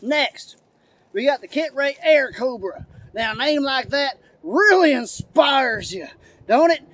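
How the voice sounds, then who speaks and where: A loud, eager redneck man who hollers and drawls "y'all" as he shows off his gear, put on by a man. The voice sits high and sounds rowdy throughout. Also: lively intonation, slow, dry recording, exaggerated voice. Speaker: host. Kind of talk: product review.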